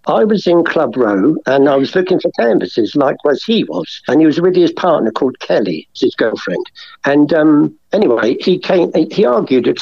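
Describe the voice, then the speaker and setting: An older man tells his stories with energy and acts out every voice. His tone is dark, husky and dry, and the recording is a little dull. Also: mid-range voice, no room sound. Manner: lively anecdotal, acts out dialogue. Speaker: guest, former art forger. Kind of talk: storytelling interview.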